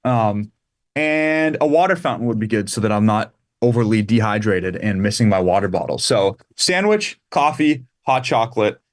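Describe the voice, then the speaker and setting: A man's voice: fairly low pitch, animated, moderate pace. Chatty Canadian man, easygoing guest. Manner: chatty, laughs easily, rambling lists. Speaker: guest musician. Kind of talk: casual interview chat.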